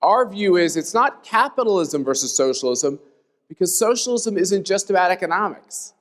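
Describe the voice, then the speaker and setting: A man's voice: sits high, expressive, normal speed. A man hosting a stage panel discussion, talking in an emphatic, upbeat way. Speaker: conference host. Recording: long hall reverb.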